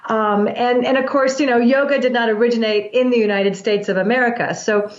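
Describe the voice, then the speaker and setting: A woman who works as a breathwork practitioner, explaining in a calm, measured way with frequent restarts. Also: fairly high pitch, roomy sound, dull audio. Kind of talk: explanatory interview talk.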